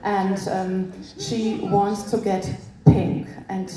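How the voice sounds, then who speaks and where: A woman introducing a guest on stage as team leader and interpreter, speaking haltingly with many fillers. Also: mid-range voice, little pitch movement, distant mic. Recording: echoey hall from afar with crowd.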